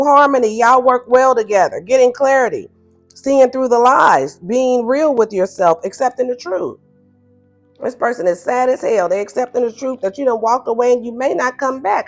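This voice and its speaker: A fairly high-voiced woman gives a casual tarot reading, blunt and animated, laughing and acting out her listener's answers. Faint music plays behind her. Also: a little slow. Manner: animated and blunt, voices the viewer's replies in higher playful tones, laughs often. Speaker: tarot reader.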